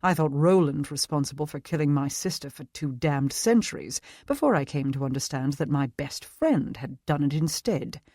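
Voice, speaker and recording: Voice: mid-range voice, steady tone, normal speed, hardly any pauses, darkish tone, slightly rough, no echo, clean studio sound, natural voice. An audiobook narrator voicing a bitter, guilt-ridden British male immortal. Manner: bitter, self-reproaching.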